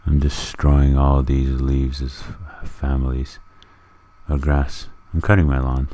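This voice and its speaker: A man's voice: rumbling low, level tone, unhurried, dark tone. A man giving goofy, rambling commentary while playing a video game, chatting to the animals in it. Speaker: gaming video creator. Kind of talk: casual gameplay commentary.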